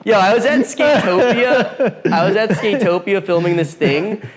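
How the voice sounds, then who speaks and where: A man's voice: high voice, measured pace. A man, a guest who rambles through a casual chat with lots of fillers and laughter. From New York. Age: late 20s. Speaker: guest, filmmaker.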